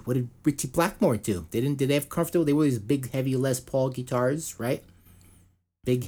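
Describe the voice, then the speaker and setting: Husky man, lively rambling pitch. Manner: rambling, heavy on fillers and restarts. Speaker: podcast co-host. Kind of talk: casual chat.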